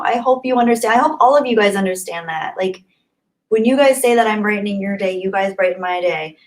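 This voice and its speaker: A woman's voice: mid-range voice, a little fast, rough recording. A young woman hosting a live stream, reading viewer messages and thanking them in an emotional, effusive way. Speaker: livestream host.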